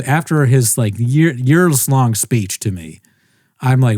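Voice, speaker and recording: A man's voice: mid-range voice, unhurried, dry recording, studio quality. A young man co-hosting a podcast, telling a rambling story in casual chat and mimicking the people he talks about. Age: young adult. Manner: rambling, animated, mimics others' voices. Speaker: podcast co-host.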